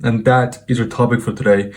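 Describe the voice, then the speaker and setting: A young man speaks straight to his viewers at an everyday mid-range pitch. He tells a personal story in a loose, informal way, keeps tossing in "bro", and turns reflective and earnest as he draws a lesson from it. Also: flat delivery, a little fast. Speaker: self-improvement vlogger and coach. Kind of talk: casual storytelling monologue to camera.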